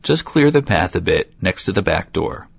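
A man's voice: sits low, big pitch swings, normal speed, gravelly, breathy edge, dry recording, full character voice. A man voicing three little men of the woods in a storybook reading, chattering in turns with a sing-song lilt, in a dull, dry lo-fi recording. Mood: kindly, chattering. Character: three small male woodland elves, quaint.

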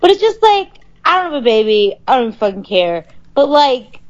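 A woman's voice: high-pitched, very animated, normal speed, highs cut off. A woman co-hosting a podcast, telling a story in casual chat with an exasperated, profane manner. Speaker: podcast co-host.

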